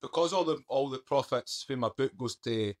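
A man recounting his story as a podcast guest, his talk casual and down to earth. He speaks with a middling pitch and slips into everyday turns of phrase as he goes. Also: normal speed, darkish tone. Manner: plain-spoken, conversational, uses "mate" and "I done". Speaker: guest, author.

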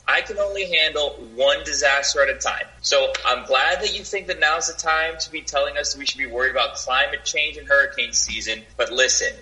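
A man co-hosts a talk radio show with a sharp, very bright voice, ranting in defiant exasperation. His tone is steady at a middle pitch. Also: rough recording. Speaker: co-host.

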